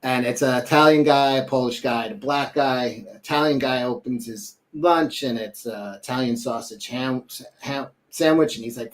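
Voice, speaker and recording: His pitch is medium and his pace moderate, with hardly any pauses. As a young adult co-host on a casual talk show, he rambles, uses lots of fillers, and does put-on voices for jokes.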